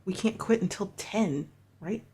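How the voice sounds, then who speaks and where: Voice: medium pitch, a little slow, dark tone, slightly rough. A player in a tabletop roleplaying game, talking in a wry, offhand way.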